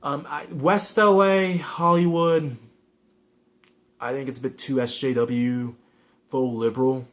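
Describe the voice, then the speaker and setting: A man's voice: mid-range voice, fairly even intonation, slow pace, pauses often, a bit bright. A man with a Southern California accent giving frank, rambling advice in a casual vlog, with many restarts and fillers.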